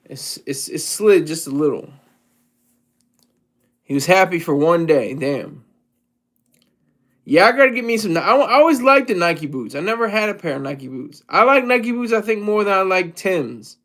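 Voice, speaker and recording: A vlogger from Delaware rambles through jokey solo commentary, frequently cutting himself off mid-word. His voice is on the high side and a bit bright.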